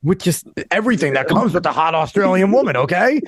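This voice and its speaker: A man co-hosting a podcast, telling stories in an excitable, animated way in casual chat. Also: high voice, fast talker, no room sound, studio quality. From Northeastern US. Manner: animated, excitable storytelling, leans on "quite literally". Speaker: podcast co-host.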